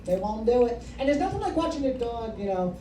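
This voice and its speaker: Very animated and brisk, a male stand-up with a very high, mellow voice swears freely and teases the live crowd in a comedy club during his set. Expect a distant mic, an echoey room, and plenty of noise.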